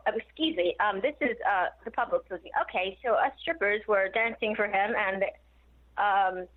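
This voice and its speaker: A woman guest telling stories in a casual interview, animated and laughing often. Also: mid-range voice, normal speed. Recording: tinny phone line.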